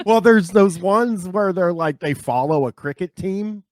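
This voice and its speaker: A man's voice: high-pitched, measured pace, no room sound, studio quality. A man hosting a podcast, talking casually in a rambling, self-mocking way. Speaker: podcast host. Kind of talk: casual chat.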